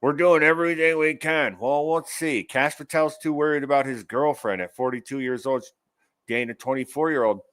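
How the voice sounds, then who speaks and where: A man's voice: mid-range voice, a little fast, fairly bright tone, dry recording. A man hosting an online commentary show, ranting angrily about news clips with profanity and sarcasm. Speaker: show host.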